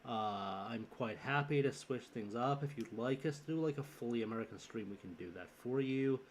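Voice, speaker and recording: A man doing a mock American accent, drawling softly and low. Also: normal speed, a little hiss or hum, natural voice. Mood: teasing.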